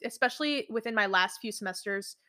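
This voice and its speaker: A woman's voice: mid-range voice, fairly quick, sharp tone, dry recording, clean studio sound. A young woman in her twenties chatting casually with a friend, rambling with many restarts and fillers. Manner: rambling, heavy use of "like", frequent restarts. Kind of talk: casual chat.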